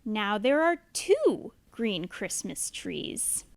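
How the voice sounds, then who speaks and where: Brief: bouncy woman reader, highish voice with wide swings in pitch. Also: animated, slow, dry recording. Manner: playful, bouncy, with animal noises. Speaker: storybook reader. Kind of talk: reading a rhyming picture book aloud. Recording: dry and close.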